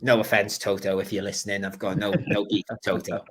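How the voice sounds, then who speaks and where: Low-voiced man hosting a podcast. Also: level tone, fairly quick, a bit bright, rough recording. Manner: rambling, apologetic storytelling. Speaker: podcast host. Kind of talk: casual podcast chat.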